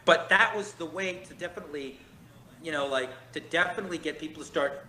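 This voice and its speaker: Brief: male talker, high-ish bright voice, profane and emphatic, rambling monologue. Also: a little hiss or hum, rough recording. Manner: profane, emphatic, fast storytelling. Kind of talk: casual chat, rambling monologue.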